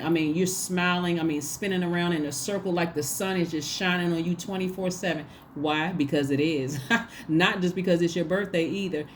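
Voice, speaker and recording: A woman's voice: lowish voice, darkish tone, slight background noise. A woman giving a casual tarot reading, talking emphatically and acting out little quoted exchanges. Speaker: tarot reader.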